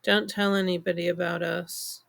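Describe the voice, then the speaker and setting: A woman voicing a suave, cryptic bald man who speaks slowly and calmly in an exaggerated posh British accent. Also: fairly low pitch, gravelly. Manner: slow, calm, cryptic.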